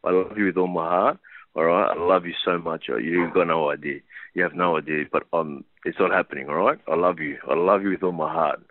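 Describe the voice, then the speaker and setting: A man's voice: low voice, steady tone, fairly quick, no room sound. An Australian man on a tapped phone call, close to tears, repeating himself and swearing. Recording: tinny phone line.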